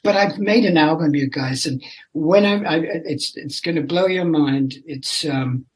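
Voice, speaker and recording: Animated older man telling stories. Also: on the high side, unhurried, rough recording. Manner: animated, laughing storyteller who slips into character voices. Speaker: guest, rock singer and actor. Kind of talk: casual storytelling chat.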